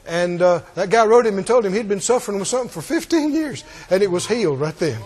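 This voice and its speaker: High-pitched, lively preacher. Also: male voice, quick pace. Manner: animated, rising to emphatic shouts and mock voices. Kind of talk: sermon.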